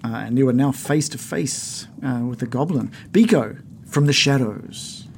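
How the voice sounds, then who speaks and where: A man's voice: medium pitch, unhurried, a little mellow, slight background noise. A man running a tabletop game as game master, narrating with frequent uhs and ums. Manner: hesitant, lots of uh and um.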